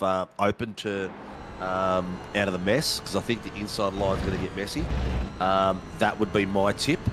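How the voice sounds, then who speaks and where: A man's voice: on the low side, background noise. Laid-back co-commentator, man. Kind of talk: casual race commentary.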